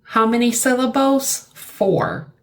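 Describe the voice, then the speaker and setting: A middle-aged woman teaching a vocabulary lesson, slow and deliberate, repeating words for her learners. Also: on the high side.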